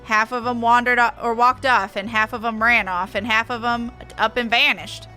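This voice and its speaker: A grumbling, folksy dock foreman from a fantasy game, read aloud by a woman. He clips his words and drops endings, in a bright voice over faint game music. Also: fairly high pitch, steady tone, moderate pace. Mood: gruff. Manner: folksy, clipped, dropped words. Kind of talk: reading game dialogue aloud.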